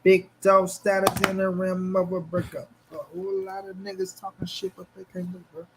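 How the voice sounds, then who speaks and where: A man hosting a casual boxing livestream, speaking in an animated, slangy way as he answers his chat. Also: sits high, normal speed, very noisy. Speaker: boxing commentary channel host.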